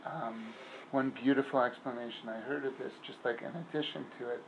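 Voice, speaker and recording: A man, a rabbi, giving an informal class in a synagogue, telling stories and analogies in a conversational way, pausing to search for words. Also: mid-range voice, fairly even intonation, highs cut off, slight background noise.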